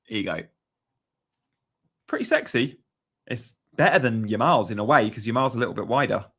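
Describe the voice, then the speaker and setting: A man's voice: lowish voice, fast, fairly bright tone, slightly rough. Chatty man live-streaming. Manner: chatty, upbeat, reads out chat messages. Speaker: fantasy football streamer. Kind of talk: casual live-stream chat.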